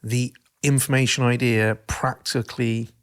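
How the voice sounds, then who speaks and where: A man hosting a podcast in casual chat, talking in an animated, passionate way. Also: mid-range voice, normal speed. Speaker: podcast host.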